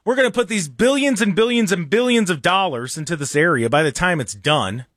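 A man rants about sports with heavy sarcasm, his voice swinging up high and down low as he talks. His pitch sits fairly high for a man. The sound is close and dry, with no room echo. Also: fairly quick. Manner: animated and sarcastic, mocking others in put-on voices. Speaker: sports radio host. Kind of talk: opinionated sports rant.

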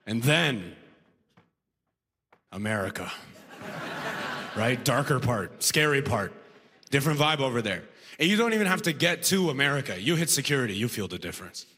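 A man's voice: medium pitch, a bit bright, long reverb tail. A young man from Sudan, doing a conversational stand-up comedy set on stage, tagging lines with "right?" and laughing along. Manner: conversational, self-deprecating, frequent "right?" tags and laughs. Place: comedy club stage before a live audience.

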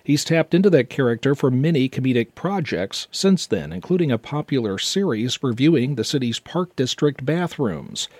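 A man news anchor reading a scripted intro in a steady, even way. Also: mid-range voice, normal speed, hardly any pauses, no echo.

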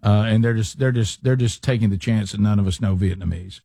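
A man's voice: fairly low pitch, brisk, creaky, warm tone, breathy edge, no room sound, clean studio sound. A man, hosting a talk radio show and telling stories in a rambling, self-deprecating way. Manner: rambling, self-deprecating storyteller with many restarts. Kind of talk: casual talk radio banter.

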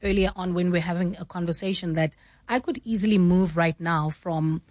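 A woman from South Africa who works as a news anchor, explaining her craft in a measured, emphatic way. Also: on the low side, steady tone, a little mellow, no echo. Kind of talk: studio conversation about newsreading.

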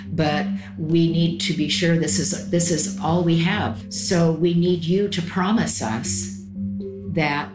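A woman's voice: sits low, echoey room, poor audio. A woman, a mother, earnestly explaining her story step by step in an interview. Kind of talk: recorded interview.

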